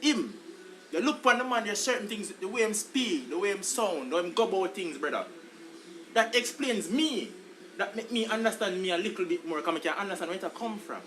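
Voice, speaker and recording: A man's voice: high voice, fairly quick, a little hiss or hum, rough recording. A Jamaican man co-hosting a podcast, chatting in patois and calling everyone "brother". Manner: animated, lots of "brother", patois. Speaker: podcast co-host. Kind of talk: casual chat.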